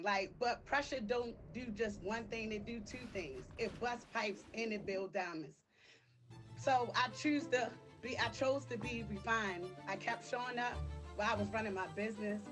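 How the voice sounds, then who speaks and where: A woman reading a prepared acceptance speech for a streaming award, emotional and near tears. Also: fairly high pitch. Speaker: live-stream creator receiving an award.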